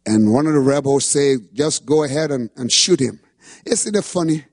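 A man preaching a sermon testimony with impassioned delivery that rises to shouts. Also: mid-range voice, animated, normal speed, no room sound. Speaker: pastor.

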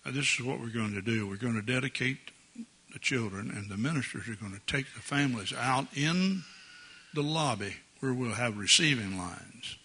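A man's voice: medium pitch, lively intonation, normal speed, pushed and bright, breathy edge. An older man preaching a sermon as pastor in a church, folksy and jovial, chuckling often. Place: church sanctuary.

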